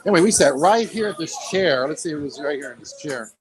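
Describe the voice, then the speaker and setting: A man's voice: a little high, lively intonation, quick pace, rough recording. A man live streaming from an outdoor city street, rambling and repeating himself, mocking and swearing as he talks.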